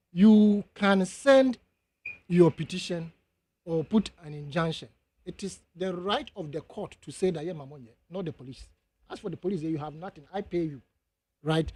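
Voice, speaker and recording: Brief: Ghanaian male radio guest, high and emphatic, dry close studio sound. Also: no echo. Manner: emphatic, mixes English and Twi, rises to high animated outbursts. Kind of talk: heated radio debate.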